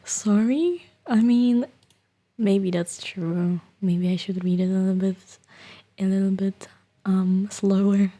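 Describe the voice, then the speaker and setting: A woman streamer talking softly and half-whispering to her chat from her bedroom, hesitant with many restarts. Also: medium pitch, slow pace. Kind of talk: soft-spoken whispered chat. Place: bedroom at home. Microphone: desktop streaming microphone.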